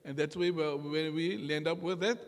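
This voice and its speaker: A man teaching a class in a mosque, slow and patient, repeating each sound for his students to copy. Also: a little high, fairly even intonation. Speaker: Qur'an recitation teacher. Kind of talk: classroom lesson. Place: mosque hall. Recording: long hall reverb.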